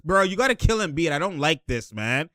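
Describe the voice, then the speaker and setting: A man hosting a casual breakdown of game footage, excitable and slangy, laughing often as he talks through plays. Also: fairly high pitch, fairly quick, dry recording, clean studio sound. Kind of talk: casual play-by-play film breakdown.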